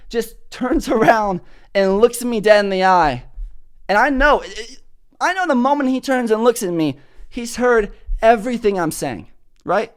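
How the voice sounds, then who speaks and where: A man hosting a comedy podcast, telling stories in a loud, prominent voice that carries, with plenty of cursing. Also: high voice, smooth. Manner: animated storytelling with cursing. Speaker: podcast host. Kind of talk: comedic monologue. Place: studio.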